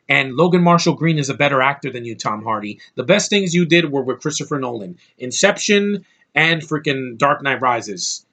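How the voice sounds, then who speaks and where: Bright-voiced man ranting angrily. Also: fairly high pitch. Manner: angry, profane, rambling. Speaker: movie reviewer. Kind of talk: ranting movie review.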